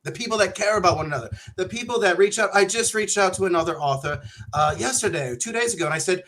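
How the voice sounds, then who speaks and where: Theatrical high-voiced man. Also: lively intonation, fast talker, fairly bright tone. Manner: theatrical, playing up a put-on accent. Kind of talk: casual video chat.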